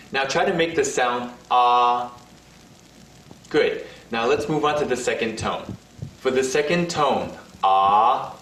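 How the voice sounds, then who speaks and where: A man giving scripted instructions in a language lesson, demonstrating each sound with slow, drawn-out vowels. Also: medium pitch. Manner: slow, carefully paced delivery with sung and held vowel demonstrations. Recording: roomy, distant-sounding recorded video.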